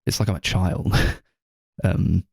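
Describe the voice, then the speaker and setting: A man's voice: sits low, steady tone, slow, creaky, darkish tone, husky, no echo. A man co-hosting a casual film podcast, talking in a rambling way full of fillers and quoted asides. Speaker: podcast co-host.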